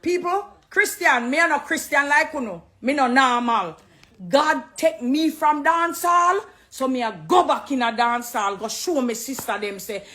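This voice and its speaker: Speaking in a high voice with lively intonation and an unhurried pace, a middle-aged Jamaican woman preaches affectionately to viewers in a live video. She's a former dancehall artist now turned Christian, and she switches between English and patois.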